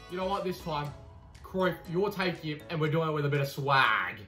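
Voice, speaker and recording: Excitable gamer shouting over goals. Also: male voice, normal speed. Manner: cheeky, swears, bursts into high shouting over goals. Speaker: gaming YouTuber. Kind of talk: excitable gameplay commentary. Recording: roomy echo with faint music.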